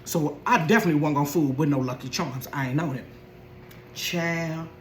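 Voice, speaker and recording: A woman in her forties telling a comedic story in a sassy, animated way, laughing often. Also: low-pitched, brisk, slight background noise. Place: bedroom. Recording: roomy bedroom echo.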